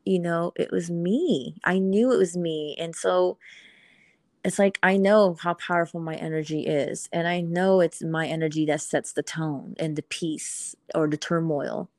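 Candid, swearing mom in dry chat. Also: female voice, fairly low pitch, measured pace, a little mellow, no echo. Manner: candid and emphatic, swears freely. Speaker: mother. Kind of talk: casual podcast chat.

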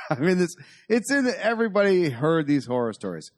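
A man's voice: a little high, sing-song, brisk. A man co-hosting a podcast in jokey, profane casual chat. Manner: jokey, profane, laughs often. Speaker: podcast co-host.

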